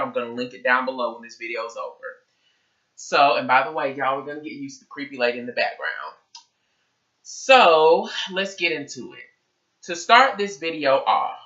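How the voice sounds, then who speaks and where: Bright-voiced man telling a storytime. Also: medium pitch, dull audio. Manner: animated, profanity-laced storytelling. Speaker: vlogger. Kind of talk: casual storytime vlog.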